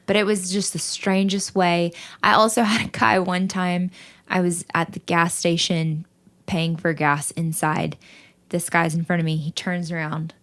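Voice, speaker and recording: A woman with a slightly low voice, chatting on a podcast. She tells stories with lots of energy and laughs as she goes. She acts out the other people in her stories. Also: measured pace. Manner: animated storytelling, laughs often, quotes people in dialogue. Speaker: podcast co-host. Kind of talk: casual chat.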